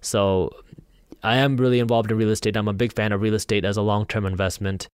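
A man's voice: lowish voice, fairly quick, smooth, no room sound, studio quality. A young man, a podcast guest, telling stories in a casual interview and acting out his own past thoughts. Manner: animated, acts out his own past thoughts and quoted voices.

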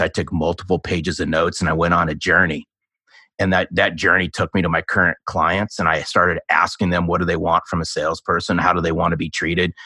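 A man in his fifties, a guest author on a sales podcast, telling stories in a casual, animated way and acting out the dialogue. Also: deep voice, breathy edge, dry recording, clean studio sound. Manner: animated storyteller, acts out quoted dialogue. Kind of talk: casual storytelling interview.

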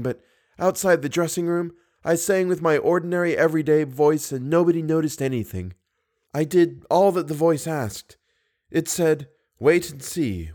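A man voicing a young woman singer, devoted yet fearful, in a storybook reading. Her lines come in a measured, earnest tone at a middling pitch. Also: a little mellow, close to an everyday voice. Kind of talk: audiobook reading.

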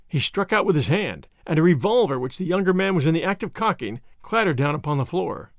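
A man narrating a detective story in an animated, dramatic reading. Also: fairly high pitch, a little fast, hardly any pauses, no room sound, studio quality. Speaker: audiobook narrator.

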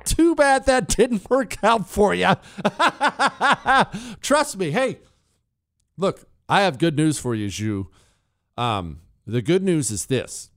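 Animated, mocking talk radio host, a man. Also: sits high, takes it slowly. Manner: mocking, sarcastic ranting with bursts of laughter. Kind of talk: solo talk radio monologue.

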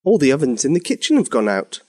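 A man's voice: medium pitch, huge pitch swings, quick pace, darkish tone. A man voicing an apologetic castle cook in a children's story. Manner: apologetic, matter-of-fact.

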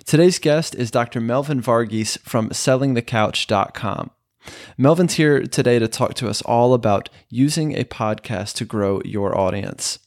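Male podcast host, relaxed chatty delivery, dry close sound. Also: mid-range voice, moderate pace, no room sound. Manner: chatty, many fillers and little laughs. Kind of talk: casual interview chat.

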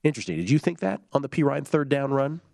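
A man hosts a sports betting program, reading fan tweets and riffing on football in a casual, quick-moving way. He throws in hums and restarts as he goes. His voice sits at an ordinary pitch, and the sound is dry and close. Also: big pitch swings, gravelly, darkish tone, no echo. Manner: quick, loose delivery with filler hums and restarts. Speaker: sports betting show host.

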